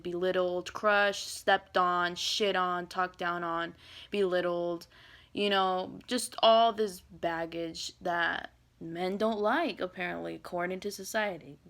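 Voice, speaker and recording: A woman ranting straight to camera in an emotional, rambling monologue. Her pitch sits at an ordinary middle height for a woman. She talks bluntly and profanely, jumping from loud bursts to quiet, breathy whispers. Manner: swings between loud outbursts and hushed whispered asides.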